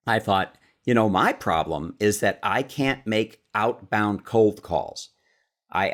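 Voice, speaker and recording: A man from Chicago, a sales speaker and author, telling stories as a podcast guest and acting out the quotes. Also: lowish voice. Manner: lively storyteller who acts out quotes. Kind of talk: storytelling in a podcast interview.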